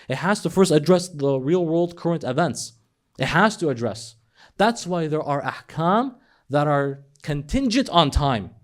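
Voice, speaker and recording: A man giving a Muharram-night sermon, animated and rhetorical, who mixes Arabic terms and bursts of Quran recitation into his talk. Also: mid-range voice.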